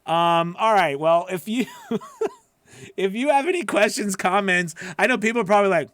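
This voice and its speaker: A man's voice: a little high, fairly bright tone, no echo. A man coaching voice actors on a live stream, playful, laughing often and acting out silly quotes. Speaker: voice-over coach.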